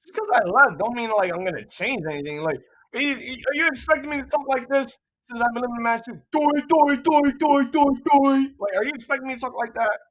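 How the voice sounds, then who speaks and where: A young adult with a New York accent co-hosting a casual live reaction stream, ranting loudly and joking with plenty of profanity. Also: mid-range voice, lively intonation, fast, poor audio. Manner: loud, profane, joking rants.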